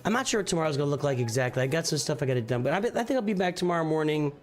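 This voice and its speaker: Chatty rambling male streamer, fairly high voice. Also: lively intonation, very fast, soft background music. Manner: rambling, restarts often, thinks aloud. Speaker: streamer and channel host. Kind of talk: casual live-stream chat.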